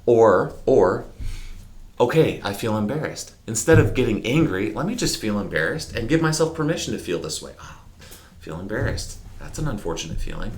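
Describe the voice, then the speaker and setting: Deep-voiced man telling candid stories. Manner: candid, animated, mimics horn sounds. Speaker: interview guest. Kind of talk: reflective conversational storytelling.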